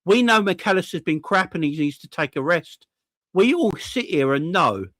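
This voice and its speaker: Furious sweary football fan. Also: male voice, sits high, expressive, moderate pace, a bit bright, no echo. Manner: furious, sweary, repeats himself, asks rhetorical questions. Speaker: football fan channel host. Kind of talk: angry fan reaction rant.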